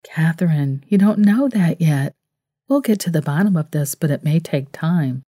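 A woman narrator voicing a steady, comforting grown man who speaks calmly and reassuringly. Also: sits low, moderate pace, dry recording, studio quality. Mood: gentle. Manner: calm, reassuring.

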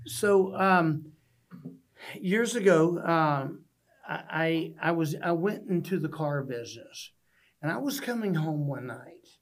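A man's voice: a little high, lively intonation, takes it slowly. A man from Texas, a podcast guest telling stories in an earnest, folksy way. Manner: earnest, folksy storytelling with restarts. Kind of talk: storytelling interview. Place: podcast studio.

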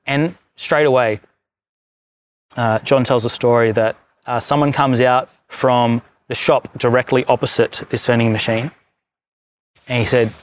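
Male preacher, casual stop-start sermon storyteller, middle-pitched voice. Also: fairly even intonation, a little slow, long pauses, a little hiss or hum. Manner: rambling, self-correcting storyteller with many restarts. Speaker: pastor.

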